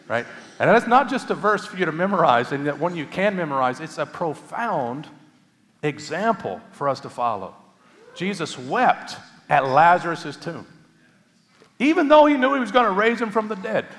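A man's voice: medium pitch, fairly bright tone, big-room sound. A man preaching a sermon as pastor, earnest and conversational with light humor.

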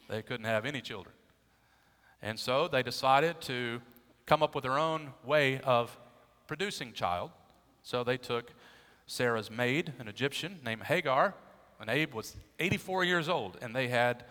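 In a recording drenched in long hall reverb, a man with a bright, forceful, medium-pitched voice delivers an expository sermon. He teaches emphatically and asks his listeners rhetorical questions.

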